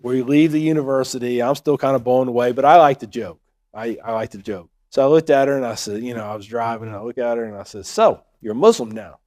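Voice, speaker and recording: A man's voice: mid-range voice, quick pace, a little mellow. A man telling a funny personal story in a chatty, joking way, often checking in with his listeners. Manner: joking, chatty, keeps saying right. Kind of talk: storytelling talk.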